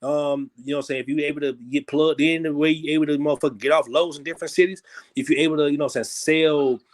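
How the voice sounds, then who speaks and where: A man talking as a guest musician in a casual interview, rambling loosely and peppering his talk with "you know what I'm saying", growing animated when he makes a point. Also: fast. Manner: grows animated and higher when making a point.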